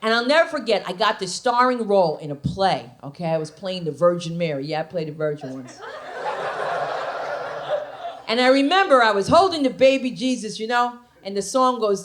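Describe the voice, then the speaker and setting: A woman comedian from New Jersey telling brash, animated stand-up stories on a comedy club stage. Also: mid-range voice, moderate pace, a little hiss or hum. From New Jersey, USA. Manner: brash, animated storytelling with put-on voices.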